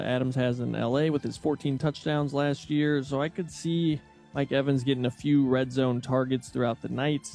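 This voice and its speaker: Gravelly-voiced man giving a bet pick. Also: mid-range voice, darkish tone. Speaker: video producer. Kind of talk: casual sports betting talk.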